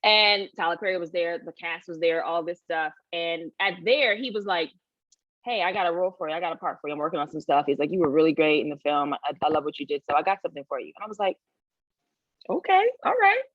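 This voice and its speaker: A woman actress in a casual interview, telling animated stories, acting out what people said and laughing often. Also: on the low side, fast, dry recording. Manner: animated storytelling, acts out quoted voices, laughs often. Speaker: actress, guest. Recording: dull lo-fi sound.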